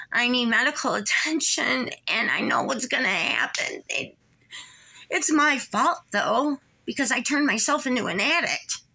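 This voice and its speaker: A woman from Michigan talking in a personal vlog, emotional and rambling, with halting restarts, short of breath. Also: medium pitch, pushed and bright. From Michigan, USA. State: short of breath, tight-chested. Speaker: vlogger.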